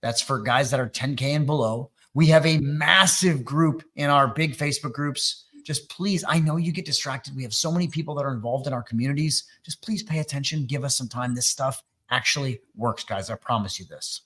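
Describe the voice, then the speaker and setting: Bright-voiced joking male webinar host. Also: mid-range voice, a little fast, few pauses. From Wisconsin. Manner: loose, joking, rambling with fillers. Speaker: webinar host and MSP coach. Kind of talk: energetic webinar talk.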